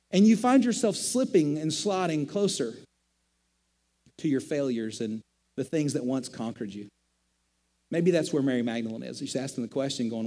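A middle-aged man, a pastor, preaching a sermon in a conversational, animated storytelling manner. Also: fairly high pitch, long reverb tail.

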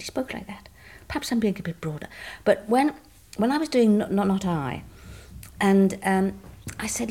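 An older English actress reminiscing in an interview, animated and slipping into whispers and imitations. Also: female voice, mid-range voice, moderate pace.

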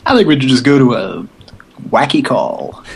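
A man's voice: mid-range voice, lively intonation, normal speed, vocal fry, breathy edge. A man co-hosting a comedic mock radio show, with dry, crude and sarcastic humor.

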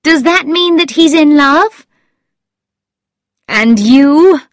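A woman's voice: high-pitched, drawn-out words, no room sound, studio quality, voice pushed up. Woman doing an urgent, scolding doctor. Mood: curious. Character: anxious doctor, urgent and firm.

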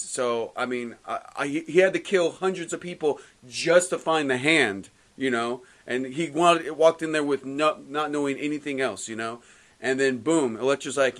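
A man talking casually on a podcast with a slightly higher voice, walking through a comic's plot. He jumps into quick quoted lines for the characters and keeps circling back with "so" and "anyways.". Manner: animated storytelling, recapping plot with quoted voices. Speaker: comic book podcast co-host. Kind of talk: casual chat.

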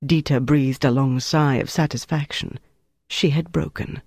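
An audiobook narrator reading a wartime thriller with an even, steady delivery. The voice is mid-pitched and the recording is dry with no room sound. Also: measured pace, creaky, slightly rough, no room sound. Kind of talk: scripted narration.

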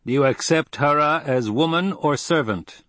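Man playing a stern desert chief, curt, commanding, slightly raised pitch, dry recording. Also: normal speed, a bit bright, no room sound, close to an everyday voice.

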